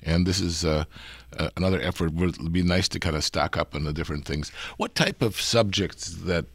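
An older man hosting an interview, his voice slightly hoarse and gravelly from a cold, speaking in a measured, welcoming way. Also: sits low, no echo, studio quality. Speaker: host, church president.

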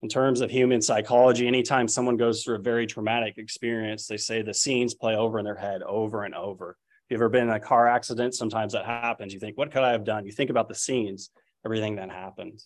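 A man's voice: fairly low pitch, steady tone, fast talker. A man in his thirties preaching a sermon, retelling scripture and family stories, acting out the people he quotes. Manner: storytelling, quotes figures in raised voices.

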